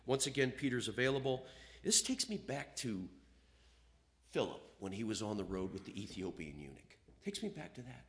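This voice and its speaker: A man's voice: mid-range voice, normal speed. A man preaching a sermon, reading scripture aloud and acting out the voices of the people in it. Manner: animated, acts out quoted voices, reads scripture aloud.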